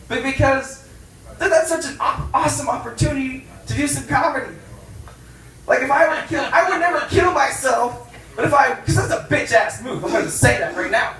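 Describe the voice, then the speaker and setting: A man doing a stand-up comedy set in a bar, brash and profane, with loud punchlines. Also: extremely high pitch. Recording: roomy club sound from a distance.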